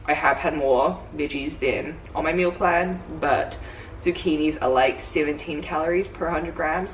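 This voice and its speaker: A woman's voice: on the low side, a little hiss or hum. A young woman, a fitness coach, chatting casually in a vlog and telling stories packed with "like". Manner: chatty storytelling, full of "like". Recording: roomy, distant, faint ambience.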